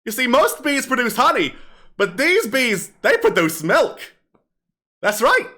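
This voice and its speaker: A sleazy little kobold comedian, as a man puts him on, pitched up high and swinging his voice all over the place. He rambles through crude setups and hits each dirty punchline with smarmy relish. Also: sing-song, unhurried, bright, forceful tone, full character voice. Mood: smarmy joking. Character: sleazy male kobold stand-up comic, crude. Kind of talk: comedic tabletop role-play.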